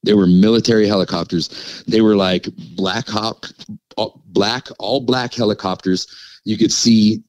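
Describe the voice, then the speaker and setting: A middle-aged man with a very deep voice tells his story as a podcast guest. He talks in a loose, animated way, stacking fillers and chuckling now and then, and the sound is close and dry. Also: a little slow, no room sound, rough recording. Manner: animated, filler-heavy with frequent likes and laughs. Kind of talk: casual storytelling.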